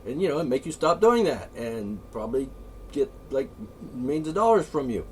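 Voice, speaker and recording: A man ranting off the cuff, profane and rambling, with frequent asides and throat-clearing. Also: medium pitch, big pitch swings, measured pace. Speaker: political ranter. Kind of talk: off-the-cuff solo rant. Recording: voice a bit far from the mic, faint ambient noise.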